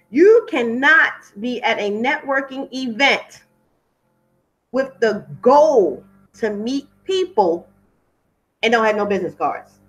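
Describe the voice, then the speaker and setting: A woman with a high, slightly bright voice chats off script while hosting a webinar for people in the wedding business. She repeats words to stress her points, and the computer-mic recording is low quality.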